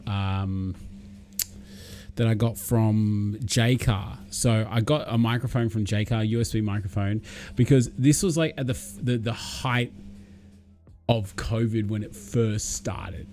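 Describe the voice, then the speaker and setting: A man's voice: on the low side, a little mellow. An Australian man hosting a casual live stream. He chats in a rambling, easygoing way and greets his viewers. A faint hum sits under his voice. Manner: rambling, chatty, reads out viewer names.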